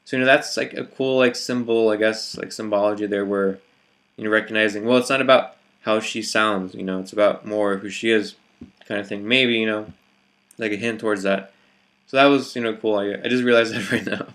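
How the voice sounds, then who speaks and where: A man's voice: on the low side, steady tone, a little fast, a bit bright. A man vlogging his reflections in a hesitant, casual monologue, full of fillers and restarts.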